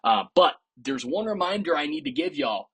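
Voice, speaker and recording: Man, husky voice, pitch swings a lot, podcast host, opinionated sports talk, playful sarcasm. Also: expressive, normal speed, bright, forceful tone. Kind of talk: casual sports commentary.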